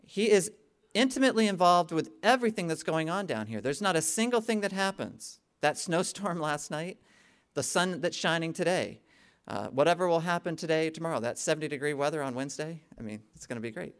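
A middle-aged man delivers a sermon in a slightly higher voice, talking to his congregation as if in conversation. He often checks in with them and pushes up into emphatic, lifted peaks before easing back down. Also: lively intonation, fairly quick, clean tone. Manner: frequent "okay?" check-ins with the congregation. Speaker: pastor.

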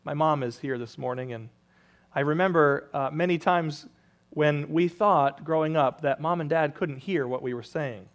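A male pastor delivers a sermon, reading a children's story in a rhythmic, storytelling way. His voice sits high for a man. He then shifts into friendly, conversational preaching. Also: normal speed.

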